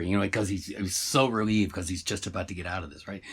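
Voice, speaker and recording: A man with a low, husky voice tells a tale in a loose, meandering way. He wanders through asides and fillers as he goes. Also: steady tone, fast, fairly bright tone. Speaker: storyteller. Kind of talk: rambling casual storytelling.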